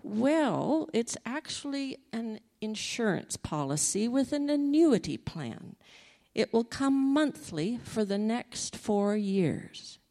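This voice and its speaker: A woman voicing a calm, businesslike man who explains an insurance payout in a matter-of-fact way. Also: a little high, slow, in a large hall, heavily acted.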